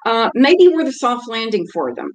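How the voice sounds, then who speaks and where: An American woman talking as a guest in a casual interview, earnest and halting, with many fillers. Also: on the high side, sing-song. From United States. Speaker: guest, community organizer.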